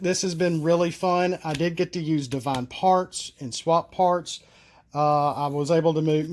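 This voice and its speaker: A man casually thinking aloud about homemade card game rules, halting and restarting often, with many fillers. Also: fairly high pitch. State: recovering from a coughing fit. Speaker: solo card game tester and vlogger. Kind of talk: casual rambling talk to camera.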